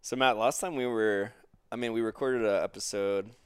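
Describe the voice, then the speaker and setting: A man's voice: on the low side, fairly even intonation, normal speed, clean tone, no room sound, studio quality. A man hosting a podcast, loose and playful as he prompts his guest. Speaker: podcast host. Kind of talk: casual podcast chat.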